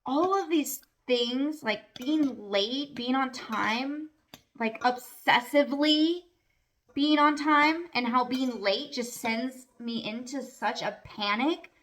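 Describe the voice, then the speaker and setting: A woman's voice: high voice, takes it slowly, a bit bright. A middle-aged woman vlogging at home in a candid, casual monologue, earnest and emphatic with lots of "like" fillers.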